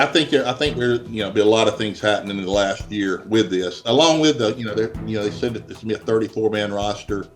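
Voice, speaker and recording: A middle-aged man, a college baseball head coach answering interview questions in a plainspoken, rambling way. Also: on the low side. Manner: rambling, many restarts, plainspoken.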